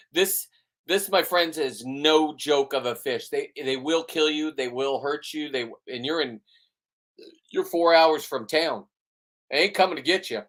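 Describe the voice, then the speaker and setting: A man's voice: fairly high pitch, a bit bright. A middle-aged man hosting a fishing vlog from a boat, talking in a brash, boastful, profane way. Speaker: fishing channel host. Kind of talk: casual boastful commentary.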